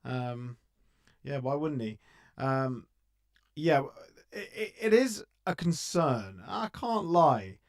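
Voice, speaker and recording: A man's voice: medium pitch, expressive, slow. A man co-hosting a casual football fan podcast, chatty and joking, with lots of restarts and fillers. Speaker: podcast co-host.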